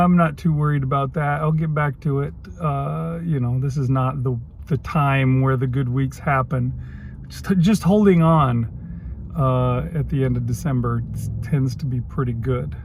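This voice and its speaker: A man's voice: mid-range voice, normal speed, a little mellow, slight background noise. A man keeping a casual video diary. He talks candidly, is self-deprecating and chuckles often. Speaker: vlogger.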